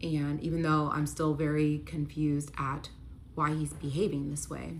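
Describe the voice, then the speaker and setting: A woman's voice: low-pitched, little pitch movement, measured pace, a little hiss or hum. A young woman telling a personal story in a casual, chatty way, full of "like" fillers and acted-out dialogue. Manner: chatty, frequent "like" fillers, acts out quoted dialogue.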